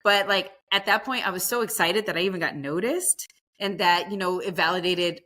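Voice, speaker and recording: A woman who is a barbecue pitmaster, telling stories in a casual, lively way in a podcast interview and acting out the voices of others. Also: on the low side, brisk. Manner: lively storyteller, acts out quoted voices; casual, fillers like "like" and "you know".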